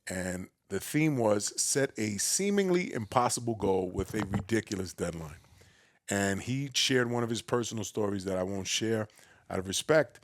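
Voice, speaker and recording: A man from the Bronx with a New York accent, a podcast guest telling his story in a big, loud, boisterous way. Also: expressive, normal speed. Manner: acts out quoted voices with a raised pitch. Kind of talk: casual storytelling conversation.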